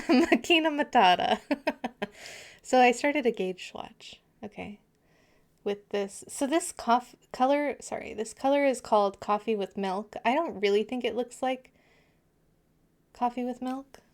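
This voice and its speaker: A woman's voice: on the high side, measured pace, a little mellow. A woman streamer in casual live chat with her viewers, chatty and giggly, sometimes muttering asides to herself.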